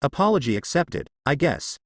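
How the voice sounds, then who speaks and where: A man's voice: mid-range voice, big pitch swings, moderate pace, slightly rough, dry recording, clean studio sound. A man reading a fan story, voicing a playful teenage girl classmate who talks in a smug, teasing way.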